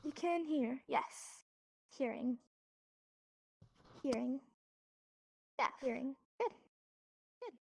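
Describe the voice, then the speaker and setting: A woman's voice: high voice, extremely slow, gravelly, pauses often, darkish tone, breathy edge, no room sound. A woman teaching a sign language class, patiently repeating each word and explaining each hand motion step by step. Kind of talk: instructional lesson. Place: virtual reality social space.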